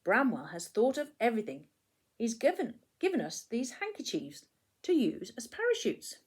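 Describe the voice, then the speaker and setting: Little Bear, a woman doing a high eager teddy. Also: huge pitch swings, normal speed, breathy edge, heavily acted. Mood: kind. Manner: high, eager and breathless exclaiming. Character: small excited young male teddy bear.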